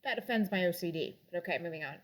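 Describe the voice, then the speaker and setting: A woman's voice: lowish voice, very fast. A young adult woman in casual chat, reviewing drinks and books in a rambling way with lots of fillers.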